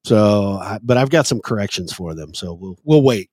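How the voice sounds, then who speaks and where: A man's voice: fairly low pitch, animated, no room sound, studio quality. A man co-hosting a casual online talk show, swearing freely and laughing often. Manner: loud, swearing, quick to laugh. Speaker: co-host. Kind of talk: casual banter.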